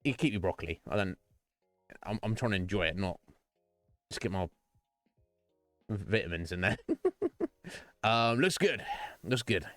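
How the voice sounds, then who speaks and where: Male streamer, lowish voice, loose rambling chatter with casual swearing, dry sound. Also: animated, a little slow, pauses often, fairly bright tone, no room sound, soft background music. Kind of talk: casual live-stream chat. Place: home streaming setup.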